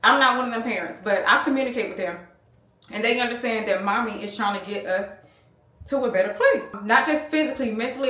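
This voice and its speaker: Woman in her thirties, rambling beauty vlog chat, slightly high voice, echoey room. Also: fairly bright tone. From United States. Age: 30s. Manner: chatty, addresses viewers as y'all, rambling. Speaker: beauty vlogger. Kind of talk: casual chatty vlog talk to viewers. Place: room at home. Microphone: small handheld camera.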